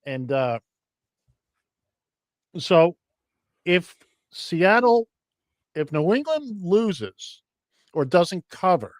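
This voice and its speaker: A man hosting a casual radio talk show, rambling with a dry humor and plenty of halting fillers. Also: sits high, sing-song, no room sound.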